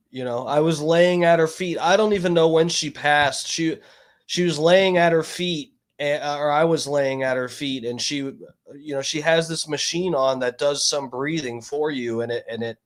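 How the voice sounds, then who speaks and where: A grieving man streaming live, talking in a halting way with many restarts and curses. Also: mid-range voice. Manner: halting, full of restarts and swearing. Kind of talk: casual livestream talk.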